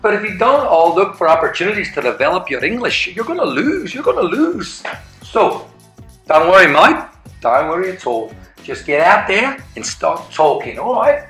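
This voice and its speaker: Man doing a loud, pushy London geezer, pitch climbing high, roomy echo. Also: sing-song, brisk, soft background music. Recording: echoey room.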